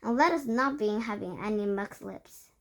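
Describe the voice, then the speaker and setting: A woman voicing a domineering female witch leader, declaiming loudly and barking orders. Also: medium pitch, moderate pace, natural voice. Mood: commanding. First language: Korean.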